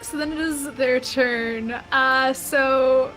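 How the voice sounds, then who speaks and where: A woman's voice: high-pitched, steady tone, slow pace, a bit bright, soft background music, rough recording. A woman running a tabletop game as dungeon master on a stream, easygoing and giggly.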